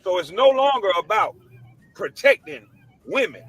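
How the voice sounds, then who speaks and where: Speaking at normal speed with big swings in pitch, a man with a high, bright voice rants to camera as an online commentator. His monologue is emphatic, blunt, and preachy, peppered with casual slang and repeated points, and the low-quality audio comes from a computer mic.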